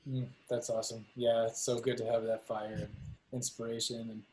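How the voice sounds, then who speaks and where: A man's voice: medium pitch, level tone, moderate pace, a little mellow, poor audio. A man hosting an interview, reacting with enthusiasm and laughing along. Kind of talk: casual interview.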